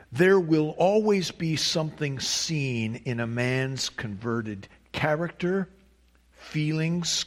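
A man's voice: fairly high pitch, fairly bright tone. A man preaching a sermon, reading a long quotation and stressing key words with emphatic rises. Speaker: pastor.

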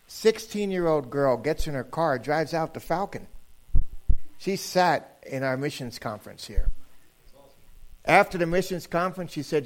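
Male guest preacher, fairly high pitch, relaxed and humorous, builds to emphatic delivery. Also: unhurried, a little hiss or hum. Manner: joking, conversational, rising to emphatic preaching. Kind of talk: sermon.

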